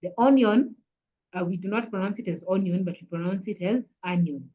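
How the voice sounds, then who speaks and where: A woman with a Kenyan accent teaching an online English revision lesson, patient and repetitive, often saying "kindly" and pausing with "uh". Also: medium pitch, lo-fi sound, a little hiss or hum. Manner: patient, repeats "kindly", frequent "uh" fillers.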